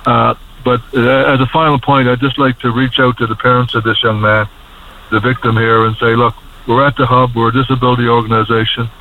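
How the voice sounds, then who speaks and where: A man speaks over a tinny phone line, choked up and halting, restarting his words again and again. A faint hiss sits under the call. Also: mid-range voice, level tone. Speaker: caller to a radio show. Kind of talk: emotional call-in talk.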